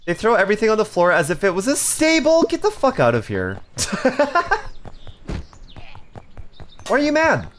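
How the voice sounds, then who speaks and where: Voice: mid-range voice, huge pitch swings, normal speed, a bit bright, slight background noise. A streamer playing a cooking game live, bantering and swearing at chat with frequent laughter.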